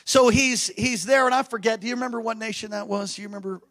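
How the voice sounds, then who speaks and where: A man preaching a sermon, telling stories with animated energy, bursts of laughter and emphatic repeated declarations. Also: high-pitched, fast.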